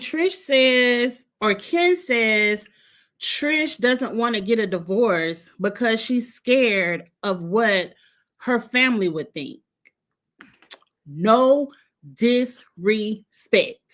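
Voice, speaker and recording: A woman from Illinois with a Midwestern accent blended with Southern US gives a blunt, sassy, opinionated recap of reality TV in casual chat. Her voice is a little high and a bit bright.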